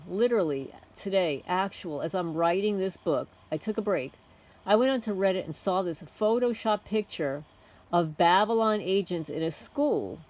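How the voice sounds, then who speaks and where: A woman channel host reading a written testimony aloud in a soft-spoken way, chuckling often. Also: on the low side, rough recording.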